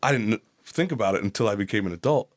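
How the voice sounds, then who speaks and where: Podcast guest: a man in his forties from New Jersey, low-pitched, blunt and profane. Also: lively intonation, fast talker. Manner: blunt, profane, acts out quoted voices. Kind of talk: candid personal storytelling.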